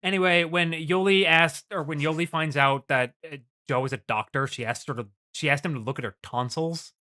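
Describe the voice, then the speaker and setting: A man co-hosting a casual podcast, animated and laughing, swearing freely as he recaps an episode. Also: on the high side, fairly quick. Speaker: podcast co-host.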